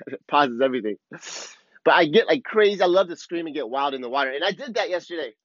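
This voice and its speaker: Rambling, profane surf coach, muffled sound. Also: male voice, on the high side, expressive, quick pace, no room sound. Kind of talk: casual monologue. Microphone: clip-on wireless mic.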